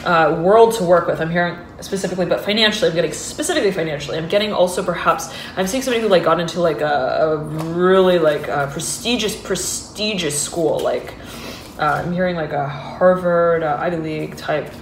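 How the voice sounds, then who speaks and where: A tarot reader gives an intuitive reading in a lowish, brisk voice, her sound roomy with slight background noise. She rambles and hesitates, restarting sentences and padding them with fillers, and often laughs and turns giddy.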